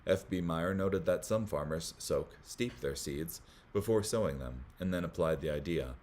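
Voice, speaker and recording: Leading a Bible study, a man reads commentary aloud at a measured pace, catching and fixing small slips along the way. His voice is low and slightly mellow.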